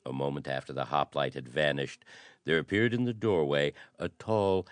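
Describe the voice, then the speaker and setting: A man narrating a pulp adventure story in a measured, dramatic reading style. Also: very deep voice, no echo. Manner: measured, dramatic reading of old-fashioned prose. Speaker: audiobook narrator. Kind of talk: scripted narration.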